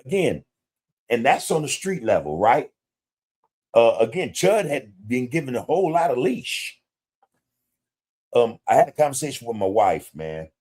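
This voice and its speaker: A man's voice: mid-range voice, very animated, moderate pace, long pauses, darkish tone, slightly rough. A man hosting a podcast livestream, talking bluntly in street slang with plenty of profanity and greeting viewers in the chat. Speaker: podcast host. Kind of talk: casual livestream commentary.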